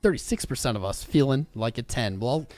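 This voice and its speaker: A man's voice: mid-range voice, lively intonation, a little fast, a little mellow, dry recording, soft background music. Upbeat man hosting a crypto livestream. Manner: upbeat, chatty, reads viewer comments aloud. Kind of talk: casual live trading commentary.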